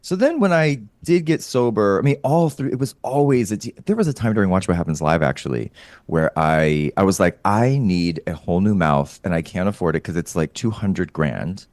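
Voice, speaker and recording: A man with a low voice tells stories in casual chat, swinging widely in pitch as he goes. He swears freely and laughs often. The sound is dry and close. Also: lively intonation, moderate pace, darkish tone, no echo. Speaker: podcast guest, comedian.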